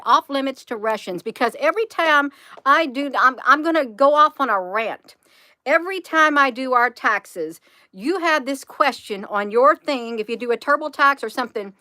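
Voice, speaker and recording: A woman's voice: high-pitched, lively intonation, normal speed, pushed and bright, no room sound, clean studio sound. A woman, rambling emphatically to her viewers in a casual livestream. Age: 50s. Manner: rambling, emphatic, addresses viewers as "you all". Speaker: channel host.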